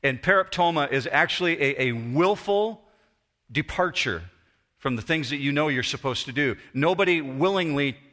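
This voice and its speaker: A man's voice: fairly high pitch, lively intonation, moderate pace, pushed and bright. A man preaching a sermon in a church auditorium, praying earnestly and explaining scripture in an explanatory, storytelling way. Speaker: pastor. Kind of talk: sermon with prayer.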